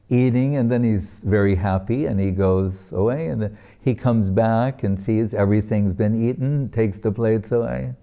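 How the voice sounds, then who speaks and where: A man giving a devotional class as a spiritual teacher, telling a story gently and unhurriedly and breaking into soft laughs now and then. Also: fairly low pitch.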